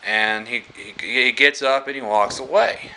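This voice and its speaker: Slow, halting man retelling a movie. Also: medium pitch, sharp tone, poor audio. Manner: halting, full of fillers and restarts. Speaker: movie reviewer. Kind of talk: casual movie plot retelling.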